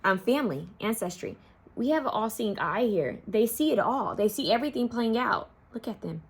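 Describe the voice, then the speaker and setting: A woman's voice: fairly high pitch, expressive, moderate pace, slightly rough. A young woman giving an intuitive pick-a-card tarot reading, talking casually to her viewers and half-singing song lyrics as she goes. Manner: chatty, addresses viewers as y'all, half-sings song lyrics.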